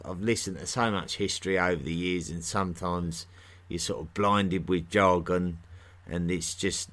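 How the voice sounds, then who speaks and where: A man's voice: deep voice, a bit bright. A man from near London with a London accent, hosting a podcast and chatting casually through listener mail with plenty of fillers and restarts. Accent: London English. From England, near London. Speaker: podcast host.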